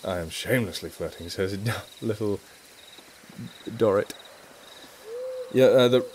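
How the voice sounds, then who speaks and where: A man's voice: fairly low pitch, slow pace, background noise. A man from England with a mixed northern English accent, hosting a casual charity live stream Q&A, chatting eagerly and swearing casually.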